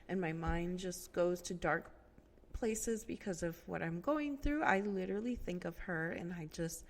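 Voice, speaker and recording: A woman in her thirties with a lowish, fry-laden voice hosts a podcast, and the sound carries the echo of a big room. She speaks casually and openly about her family, filling her talk with fillers and tearing up at moments in this emotional personal monologue.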